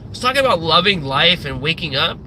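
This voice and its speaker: A man's voice: a little high, brisk, background noise. A man from the Midwest US, a live streamer, ranting casually and profanely and wandering off on tangents. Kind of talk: casual livestream rant.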